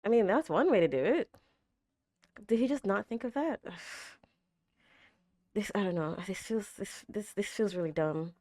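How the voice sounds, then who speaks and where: A young woman hosting an anime reaction, chatting casually with a tired, slightly raspy throat and bursting into gasps and exclamations. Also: mid-range voice, normal speed, long pauses, no room sound, clean studio sound. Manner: animated, gasps and exclaims loudly, chatty with fillers.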